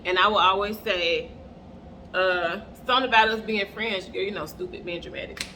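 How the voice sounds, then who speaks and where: A young woman chatting to her viewers in a storytime vlog while doing her makeup, animated and calling out to them often, recorded on an earbud mic. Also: mid-range voice, moderate pace, slight background noise. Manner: animated, keeps addressing the audience as "y'all". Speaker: vlogger.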